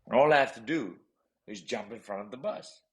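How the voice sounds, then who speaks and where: A man's voice: mid-range voice, fairly quick, poor audio. Intense South African man telling his story. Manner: intense, animated, repeats phrases. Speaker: podcast guest, professional boxer. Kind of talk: emotional personal storytelling.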